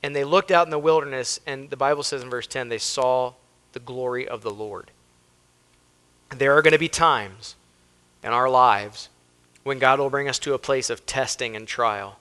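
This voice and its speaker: A man's voice: medium pitch, moderate pace, pushed and bright, clean tone. An American man, a pastor preaching a sermon with emphasis, reading scripture aloud and acting out the people in the story. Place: church sanctuary.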